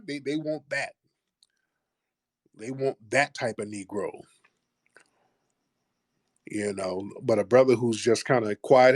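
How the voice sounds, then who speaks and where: A man's voice: mid-range voice, takes it slowly, pauses often, darkish tone, dry recording, clean studio sound. A man hosting a live call-in show, talking in a blunt, preachy, confrontational way. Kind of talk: heated casual talk.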